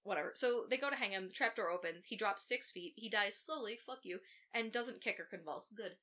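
A woman's voice: mid-range voice, fairly quick, bright, forceful tone. A woman co-hosting a podcast, telling a true crime case in a casual way with profane, sarcastic asides. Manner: profane, sarcastic asides while recounting facts.

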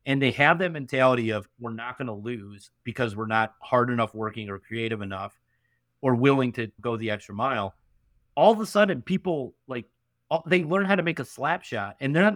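A young man from upstate New York, telling his story as a podcast guest in an emphatic, animated way full of fillers and tag questions. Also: medium pitch, no echo, studio quality. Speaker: podcast guest, venture investor. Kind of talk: casual interview storytelling.

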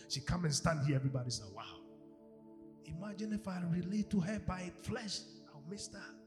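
A male pastor preaching a sermon, animated, acting out quoted voices and swinging from shouts to hushed tones. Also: sits high, moderate pace. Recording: echoey hall with music behind.

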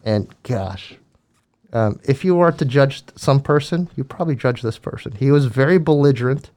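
Man, mid-pitch, earnest animated storyteller, casual chat. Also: moderate pace. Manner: earnest, animated retelling with acted quotes. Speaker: guest telling a ministry story.

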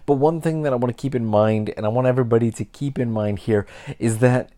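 A Canadian man hosts a casual solo podcast, speaking candidly and reflectively and often correcting himself mid-sentence. His mid-range voice is fast and warm.

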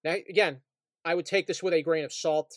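A man with a fairly high voice talks sports in a relaxed podcast chat, reading news items aloud. His voice is close and dry, with almost no room sound. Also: fairly quick, no room sound. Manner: reads out news items, laughs easily. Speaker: podcast co-host.

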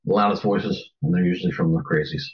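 A man in his fifties with a lowish voice co-hosts a casual chat, rambling and profane and often stopping to restart. The sound is dull and lo-fi. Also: steady tone, fast talker. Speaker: podcast co-host and drummer.

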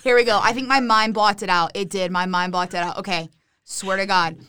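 A woman's voice: medium pitch, brisk, noisy background. Young woman telling brash stories. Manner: animated, swearing, filler-heavy. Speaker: podcast guest. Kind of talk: casual storytelling.

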